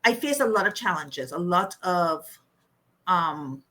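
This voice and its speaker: Bright-voiced woman telling her story. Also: lowish voice, unhurried. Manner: animated, laughs often, acts out quoted voices. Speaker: guest. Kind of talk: personal storytelling in an interview.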